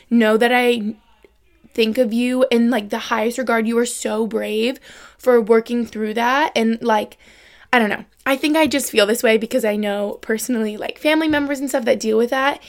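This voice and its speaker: A young woman hosting her own podcast, rambling in a chatty, earnest way with lots of "like" fillers, turning emotional at times. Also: fairly high pitch. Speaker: podcast host. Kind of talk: casual solo podcast chat.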